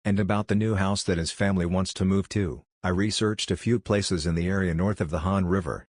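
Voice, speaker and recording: Male narrator, very low voice, dry close mic, flat recap read. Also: fairly quick, no echo.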